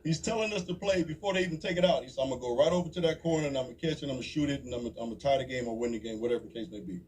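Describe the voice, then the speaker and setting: A man's voice: medium pitch, racing, a little mellow, slight background noise. A man eagerly recounting a last-second play in a casual interview.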